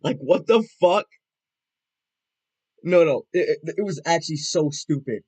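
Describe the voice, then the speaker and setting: A young man livestreaming, chatting casually and rambling, swearing a lot, with loud excited outbursts. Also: fairly high pitch, unhurried, breathy edge.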